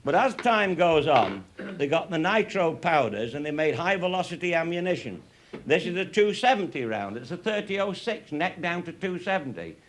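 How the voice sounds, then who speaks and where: A man's voice: a little high, sing-song, normal speed. Salty older man telling laughing stories. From England. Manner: salty, laughing, showing cartridges. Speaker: raconteur. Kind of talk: humorous storytelling to an audience. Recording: noisy live recording.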